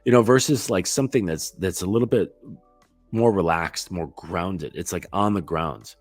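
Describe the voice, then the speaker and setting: A man's voice: low-pitched, moderate pace, no echo, soft background music. A man giving a casual coaching talk as a dating coach, chatty and loose, swearing now and then and often checking in with "right?".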